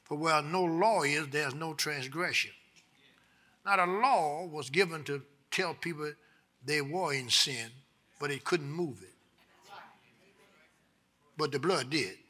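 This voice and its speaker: A man, preaching a sermon with call-and-response, moving between quiet Bible teaching and loud exhortation. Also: fairly high pitch, takes it slowly, long pauses. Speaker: pastor.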